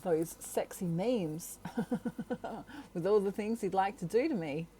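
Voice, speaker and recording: A woman with a mellow, relaxed voice, talking casually to the camera on her own channel. She is animated, laughs often, and acts out quoted voices as she explains. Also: mid-range voice, normal speed, a little hiss or hum. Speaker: tarot reader and channel host.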